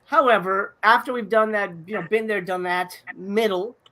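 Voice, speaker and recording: A man's voice: high voice, steady tone, normal speed, pushed and bright. A man co-hosting a movie podcast, talking in a rambling, casual way with many fillers and restarts. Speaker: podcast co-host reviewing movies. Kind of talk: casual chat.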